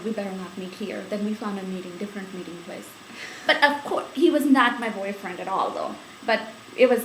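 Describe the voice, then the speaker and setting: Woman interviewee, lively laughing storyteller, echoey recording with light hiss. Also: medium pitch. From India. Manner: chatty, laughing storyteller with many fillers. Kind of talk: oral history storytelling.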